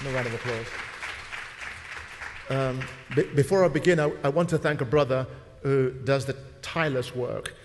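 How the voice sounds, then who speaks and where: A man's voice: mid-range voice, steady tone, moderate pace, a faint crowd. A man moderating a panel, talking to the audience in an affable, informal way. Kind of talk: speech to a conference audience. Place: large conference hall. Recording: reverberant hall with faint noise.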